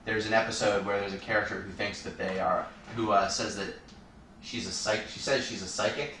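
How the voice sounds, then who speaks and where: A man chats and jokes playfully while streaming a game live, rambling with jokey asides. His low-ish voice is brisk and fairly even in intonation. A roomy, distant mic picks him up with slight background noise and loud game music behind.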